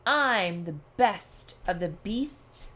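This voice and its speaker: A woman voicing a gruff, boastful male bear with a growling, scornful voice, reading a storybook aloud. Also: mid-range voice, expressive, extremely slow, sharp tone, exaggerated voice. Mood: gruff boasting. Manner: snorting, scornful.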